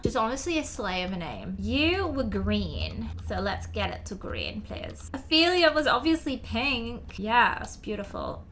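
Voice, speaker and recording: Lively high-voiced woman playing games. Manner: playful, chatty, talks to in-game objects. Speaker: gaming video host. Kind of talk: horror game let's-play commentary. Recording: steady background noise.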